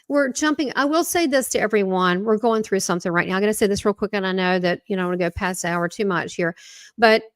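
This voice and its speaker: A woman's voice: medium pitch, quick pace, dry recording. Rambling Southern woman, dry sound. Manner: rambling, excitable storytelling. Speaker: guest, spiritual medium. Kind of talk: casual interview talk.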